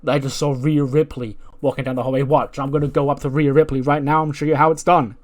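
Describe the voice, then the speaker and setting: A man's voice: mid-range voice, level tone, quick pace, natural voice. A man doing a sleazy cocky wrestler. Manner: slick, cocky, overfamiliar. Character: sleazy smooth-talking male wrestler, cocky.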